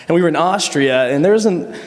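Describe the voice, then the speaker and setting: A man's voice: fairly high pitch, animated, a little fast. A young man, a friend of the groom, giving a casual wedding toast full of fillers and stories in a reception hall. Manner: casual, rambling, with many fillers and laughs. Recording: echoey hall sound.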